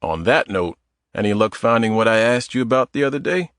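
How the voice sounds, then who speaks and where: A man's voice: fairly low pitch, lively intonation, fairly quick, a bit bright, dry recording, studio quality. A man voicing a wisecracking, self-mocking man in his forties in an audiobook. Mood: joking. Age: 40s. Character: mid-forties man, stiff and sore, joking flirt.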